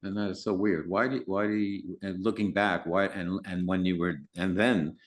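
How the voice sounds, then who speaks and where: A man hosting an interview, asking questions in a halting way with many restarts. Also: sits low, flat delivery. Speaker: interview host. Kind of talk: casual interview.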